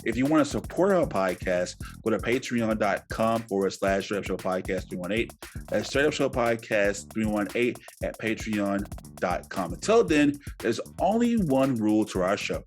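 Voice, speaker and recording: A man hosts a casual podcast with a somewhat low voice. He speaks earnestly and encouragingly, padding his sentences with "like" and "uh". Faint music plays underneath. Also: very animated, moderate pace. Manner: earnest and encouraging, filler-heavy. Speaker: podcast host.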